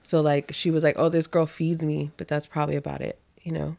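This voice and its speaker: A woman's voice: deep voice, level tone, a little fast, gravelly, darkish tone. A young woman co-hosting a podcast, chatting casually and acting out quotes in her stories, often laughing. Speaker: podcast co-host. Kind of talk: casual chat.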